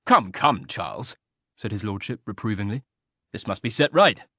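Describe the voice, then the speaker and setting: A man's voice: fairly low pitch, brisk, a bit bright, dry recording. Man reading idle aristocrat, drawling, dry irony, mock-mournful, close dry recording. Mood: teasing. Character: languid teasing aristocratic male marquis. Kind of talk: audiobook character reading.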